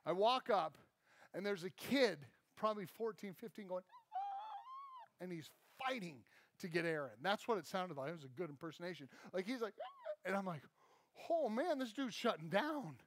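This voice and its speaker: A man's voice: high voice, animated, brisk, dry recording. A man preaching a sermon as a pastor, telling a self-deprecating story and acting out the people in it. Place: church.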